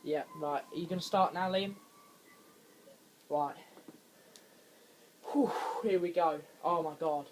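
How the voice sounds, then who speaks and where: A young man giving let's play commentary on a horror game, jumpy and quick to scream when startled. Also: fairly high pitch, a little hiss or hum. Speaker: gaming channel host.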